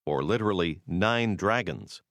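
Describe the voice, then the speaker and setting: Male course narrator, deep, lively pitch, measured, dry studio sound. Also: no room sound. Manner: measured, explanatory delivery. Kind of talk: scripted language-course narration.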